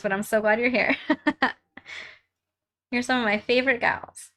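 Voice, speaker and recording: A woman's voice: on the high side, fairly even intonation, a little slow, long pauses, bright, forceful tone. A young woman hosting a casual live stream from home while crafting, chatting with viewers and reading their comments aloud in a bubbly way, laughing often.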